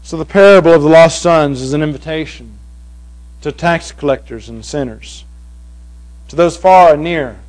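A man preaching a sermon to a congregation, swinging from hushed passages to loud, emphatic ones. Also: fairly high pitch, moderate pace, low-quality recording. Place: evening meeting before a congregation.

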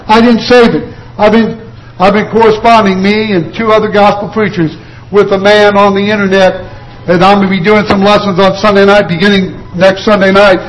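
A male preacher with a notably high-pitched voice delivers a sermon. He drives his points home with repeated phrases and rhetorical questions, quoting scripture along the way. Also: level tone, moderate pace, low-quality recording.

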